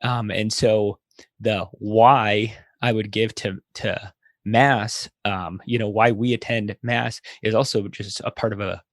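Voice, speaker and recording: A man's voice: on the low side, fairly even intonation, slow, no room sound, studio quality. A man in his thirties, a father and podcast guest, telling family stories in a thoughtful way with frequent fillers. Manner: storytelling, thoughtful with frequent fillers and light laughs. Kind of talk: casual podcast conversation.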